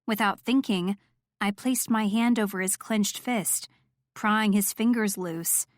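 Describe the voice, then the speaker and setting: A woman narrating a first-person romance audiobook in a steady, clear storytelling voice. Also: medium pitch, measured pace, dry recording, studio quality.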